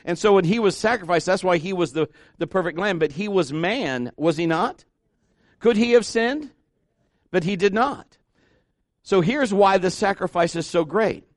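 A male pastor preaching a conversational sermon, asking the congregation questions and jumping into high excited voices when he acts out quotes. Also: moderate pace, no echo, clean studio sound. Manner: animated, swings into high-pitched voices when acting out quotes.

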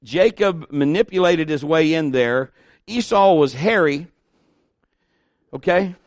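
High-voiced preaching man, dry sound. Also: takes it slowly, no room sound. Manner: animated preaching, acting out quotes. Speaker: pastor. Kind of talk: sermon.

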